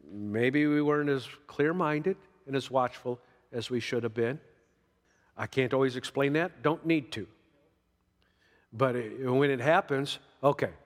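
A man's voice: medium pitch, a bit bright, big-room sound. A man preaching a sermon in a folksy way, reading scripture and acting out quoted voices. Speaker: pastor.

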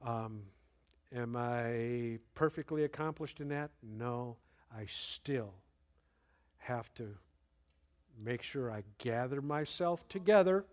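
A man preaching a sermon, slow and deliberate, rising now and then to emphatic bursts. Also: mid-range voice. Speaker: pastor.

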